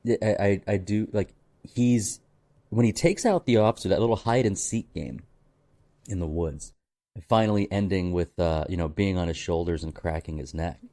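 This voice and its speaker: Low, mellow-voiced man chatting about a movie. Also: moderate pace. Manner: rambling, full of fillers and restarts, reads out phrases. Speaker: podcast co-host. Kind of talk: casual movie discussion.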